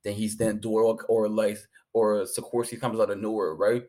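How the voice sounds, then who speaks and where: A man's voice: lowish voice, flat delivery, normal speed, dark tone. A man giving a casual, rambling, hyped recap of an anime episode, full of slang and fillers. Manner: hyped, rambling, slangy, says 'bro' and 'like' constantly. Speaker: anime reviewer.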